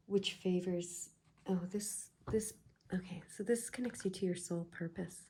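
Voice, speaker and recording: A woman giving a casual tarot reading, soft-spoken and reassuring, often slipping into a half-whisper as she muses over the cards. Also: on the low side, measured pace, slight background noise. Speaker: tarot reader.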